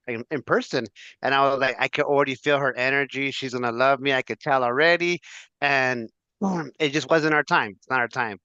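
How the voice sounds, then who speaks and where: Upbeat man with a bright, crisp voice. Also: mid-range voice, no room sound, dull audio. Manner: upbeat, easygoing. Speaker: guest. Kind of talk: casual chat.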